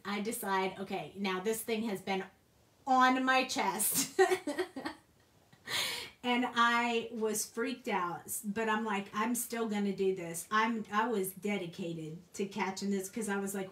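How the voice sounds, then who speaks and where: A woman hosting a crafting video, telling a lively story in a casual way, laughing often and acting out the people she quotes. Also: medium pitch. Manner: animated, laughs often, acts out quoted voices. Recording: echoey room.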